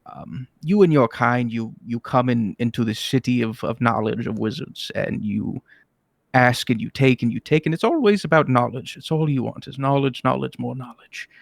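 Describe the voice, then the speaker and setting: A man voicing a calm, courteous old male wizard with dry understatement. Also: mid-range voice, moderate pace, gravelly, dry recording. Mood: dismissive.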